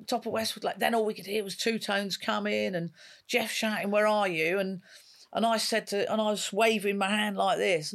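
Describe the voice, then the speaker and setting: A retired police dog handler in her fifties tells stories in an interview, acting out the dialogue she quotes with vivid, emotional delivery. Her voice sits at medium pitch with some vocal fry.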